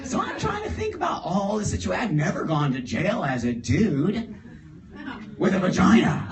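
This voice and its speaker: A man telling a story on stage to a live audience. He talks in an animated way, laughs often and acts out the other people's lines. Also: a little high, moderate pace, noisy background. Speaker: guest storyteller. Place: live event in a store before an audience. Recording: roomy live room, distant mic, audible audience.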